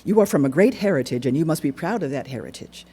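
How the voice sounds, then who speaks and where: A woman's voice: low-pitched, animated, fast, mellow, slight background noise. A man voicing an earnest female schoolteacher who lectures her pupil in a prim tone, in a staged story. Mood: lecturing.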